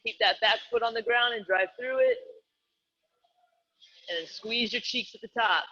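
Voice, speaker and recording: A man's voice: very high voice, moderate pace, sharp tone, muffled recording. A man coaching a live online workout, calling out exercises and reps in an upbeat, joking way. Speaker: fitness coach.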